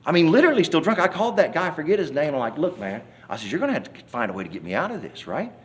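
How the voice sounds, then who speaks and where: In an interview, a church member with a fairly high voice tells his testimony very fast. An animated storyteller, he acts out the scenes and hollers quoted cries, his folksy speech rambling and often restarting.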